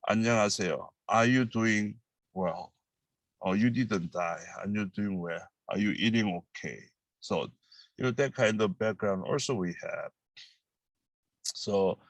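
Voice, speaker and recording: A middle-aged man with a Korean accent teaches a relaxed language lesson, explaining slowly in halting English full of fillers while repeating Korean phrases quickly. His voice is lowish, with no echo, on a rough recording.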